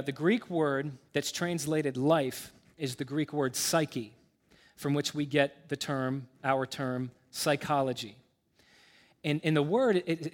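A man pastor preaching a sermon in a church, earnest and building to raised intensity on key points, with casual asides full of restarts and fillers. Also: medium pitch.

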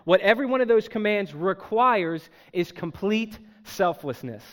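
A pastor delivering a sermon to his congregation, emphatic and animated, with joking asides. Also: high-pitched, a little slow. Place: church.

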